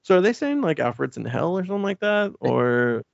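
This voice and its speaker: A man's voice: on the high side, big pitch swings, a little fast, vocal fry, no room sound, highs cut off. A man co-hosting a podcast, rambling and swearing as he recaps a comic and acts out the characters' lines. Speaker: podcast co-host. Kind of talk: casual chat recapping a comic.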